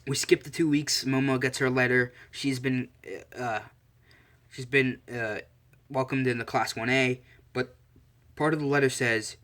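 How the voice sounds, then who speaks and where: A man's voice: mid-range voice, little pitch movement, unhurried, fairly bright tone. Man improvising a story, rambling. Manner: rambling, self-amused asides. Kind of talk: improvised casual story narration.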